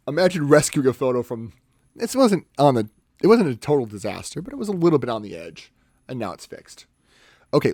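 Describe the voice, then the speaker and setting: A man's voice: medium pitch, a little mellow, dry recording, studio quality. A man chatting casually on a live stream as he edits photos and talks himself through each step.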